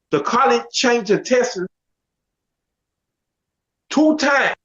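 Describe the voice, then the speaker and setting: A man telling his life story with animated storytelling, casually acting out the other people's voices with slang. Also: sits high. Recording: dull lo-fi sound.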